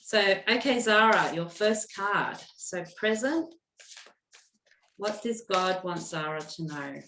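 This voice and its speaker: A woman giving an intuitive card reading on a video call, speaking gently with many pauses and restarts. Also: mid-range voice, expressive, echoey room, slight background noise. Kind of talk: live online card reading.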